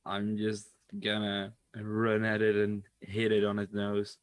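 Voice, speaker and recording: A man's voice: lowish voice, completely flat delivery, smooth, dry recording. A man playing a tabletop game, talking in a hesitant way. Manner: unhurried and hesitant, with fillers. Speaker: player.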